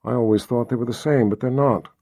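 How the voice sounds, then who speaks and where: A man voicing a careful, earnest woman scholar of a religious order in an audiobook, speaking in a measured, thoughtful way. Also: mid-range voice, steady tone, mellow, dry recording, clean studio sound, natural voice. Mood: puzzled.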